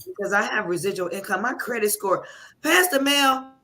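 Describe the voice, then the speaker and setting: A woman's voice: medium pitch, expressive, moderate pace, sharp tone. A woman giving a fervent, effusive testimony as a guest on a call, praising God. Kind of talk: emotional testimonial on a live call.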